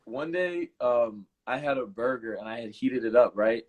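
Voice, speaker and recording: A man's voice: mid-range voice, expressive, normal speed, narrow, tinny audio, a loud crowd. A young man hosting a casual live Q&A, telling stories in a laid-back way with plenty of filler words. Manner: laid-back storytelling, many "like" fillers, repeats himself. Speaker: channel host.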